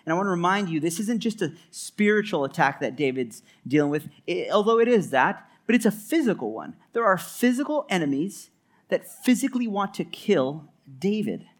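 A man's voice: sits high, very animated, normal speed. A man preaching a sermon in an earnest, emphatic way, often stacking repeated phrases. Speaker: pastor.

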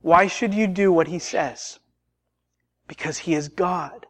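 Slow, high-voiced male preacher. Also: in a large hall. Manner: deliberate, emphatic preaching with rhetorical questions. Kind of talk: sermon.

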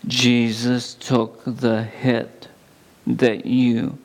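A man preaching a sermon, reading scripture slowly and deliberately with emphatic pauses. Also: mid-range voice, little pitch movement. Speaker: pastor.

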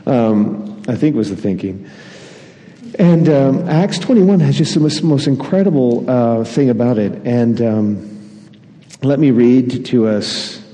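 A man delivers a sermon with mellow, relaxed warmth, spinning anecdotes and chuckling at himself. His voice carries a long reverb from a large church hall. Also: mid-range voice, slow pace. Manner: storytelling, self-deprecating, chuckles often. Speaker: preacher.

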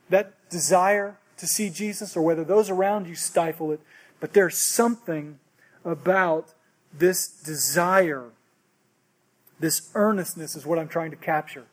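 A man preaching a sermon, earnest, often repeating and restarting phrases. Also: high voice. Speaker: pastor.

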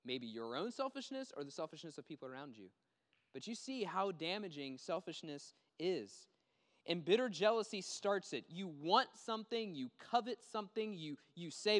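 A man's voice: on the high side, very animated, normal speed, long reverb tail. A man preaching a conversational sermon, acting out quoted voices as he goes. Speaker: pastor.

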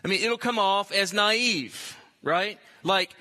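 A male pastor preaching a sermon with a high, very bright and forceful voice. He presses his points with emphatic repetition. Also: takes it slowly, hardly any pauses. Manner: emphatic, repeats phrases for stress.

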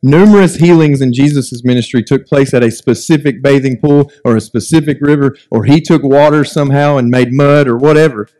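A man preaching a sermon as a pastor, animated, with joking asides and mock voices of complainers. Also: mid-range voice, brisk, few pauses. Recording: long hall reverb.

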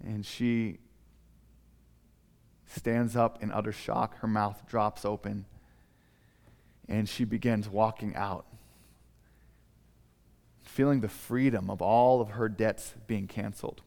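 A male preacher telling a story sermon in an animated, dramatic way. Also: fairly low pitch, slow, vocal fry, long pauses, in a large hall.

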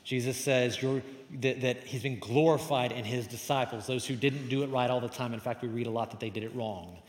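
Male pastor, mid-pitched, emphatic sermon delivery, recorded in a reverberant church hall. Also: fairly even intonation, a little fast. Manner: emphatic, rises and falls in loudness for stress. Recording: echoey hall with long reverb.

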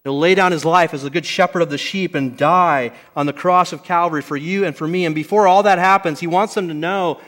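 A male pastor delivers a sermon with earnest conviction, his voice sitting a little high. He stretches out the phrases he most wants to land. He speaks in front of a church congregation. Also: fairly even intonation, fairly bright tone. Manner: earnest, emphatic, slows on key phrases. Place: church service before a congregation.

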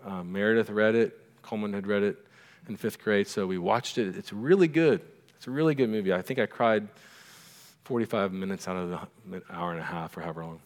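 A middle-aged male pastor preaching a sermon in a relaxed, conversational way, often checking in with the congregation with quick asides. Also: lowish voice. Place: church sanctuary. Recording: long reverb of a church hall.

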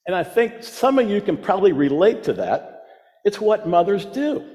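A man's voice: high voice, sing-song, moderate pace, dark tone. A man preaching a sermon, emphatic, repeating his key phrases for weight. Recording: long reverb of a large hall.

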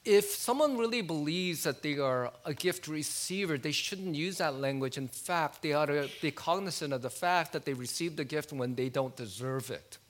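At a moderate pace with few pauses, a pastor delivers a conversational sermon, posing questions to his listeners and going low and quiet on key words.

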